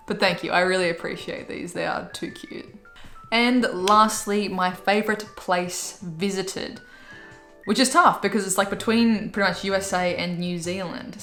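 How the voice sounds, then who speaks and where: A woman's voice: mid-range voice, a bit bright. A young woman vlogging about her monthly favourites in an upbeat, chatty way, full of "like" fillers. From Australia. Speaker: YouTube vlogger. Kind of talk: casual monthly favourites vlog. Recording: echoey room with faint music.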